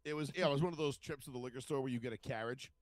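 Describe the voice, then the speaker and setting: Speaking very fast in a mid-range voice, a man co-hosting a podcast tells stories in loose, casual conversation. He acts out what people said and swears freely, with no room sound around him.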